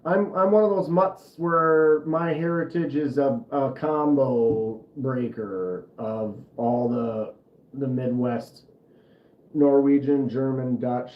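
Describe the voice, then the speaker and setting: A man's voice: medium pitch, echoey room, dull audio. A man with a Minnesota accent hosting a casual livestream, rambling and chatting back to viewer comments. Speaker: knife channel livestream host.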